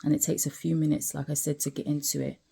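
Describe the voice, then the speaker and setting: A woman speaks in a low, dark, gravelly voice. She is tired and talks candidly, with lots of asides to the listener and repeated phrases. She is sitting outside while she vlogs. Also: flat delivery, fast talker. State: tired, yawning. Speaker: vlogger. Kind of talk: reflective personal vlog.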